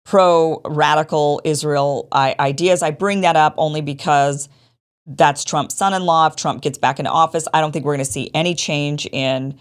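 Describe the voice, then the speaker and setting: A woman's voice: low-pitched, fairly even intonation, normal speed. A woman hosting a show, giving casual political commentary in a chatty, dismissive way and repeating her points. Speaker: show host.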